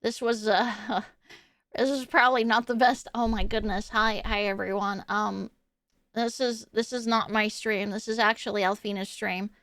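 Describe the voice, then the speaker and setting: A woman voicing a shy, timid young woman who says she lives in the streamer's basement, speaking softly and hesitantly with apologies. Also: medium pitch, fairly even intonation, normal speed, dry recording, close to an everyday voice. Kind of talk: streamer character bit.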